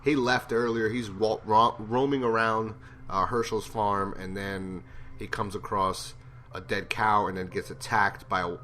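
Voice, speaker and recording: A man's voice: fairly low pitch, a bit bright, slight background noise. A man giving a casual, rambling TV episode review, blunt and profane in his opinions. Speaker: TV show reviewer.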